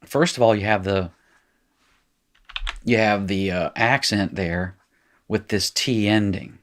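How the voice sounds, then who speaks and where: Low-voiced middle-aged male teacher, chatty, explains as he goes. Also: slow pace, pauses often, fairly bright tone. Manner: chatty, explanatory, thinking aloud. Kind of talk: recorded screen lesson.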